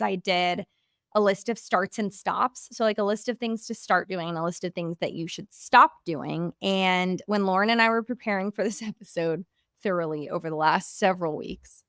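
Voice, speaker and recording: Bubbly young woman podcast host, smooth voice. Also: medium pitch, fairly quick, a bit bright, no room sound, studio quality. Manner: bubbly, gushing, says "like" often. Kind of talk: casual podcast chat.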